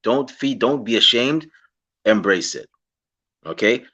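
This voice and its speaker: A man with a Guyanese accent hosting a casual interview over a video call, talking in an animated way. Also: medium pitch, measured pace, muffled recording. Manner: animated, impersonates fans excitedly. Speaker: podcast host.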